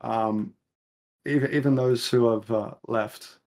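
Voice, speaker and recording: A man's voice: mid-range voice, steady tone, slow, a little mellow. Joking Australian man, laid-back. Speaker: game contestant. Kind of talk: casual chat.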